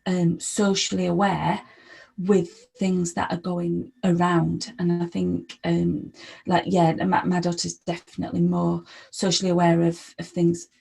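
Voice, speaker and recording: A woman speaking hesitantly about her autistic daughter, with many pauses and restarts. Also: lowish voice, monotone, a little mellow. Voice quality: gravelly, husky. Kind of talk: casual group chat.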